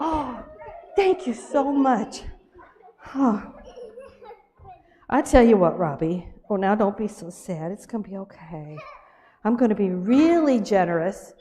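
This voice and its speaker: A woman telling a playful children's story with a puppet at a church service, animated and laughing as she coaxes and scolds. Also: medium pitch, takes it slowly, pauses often.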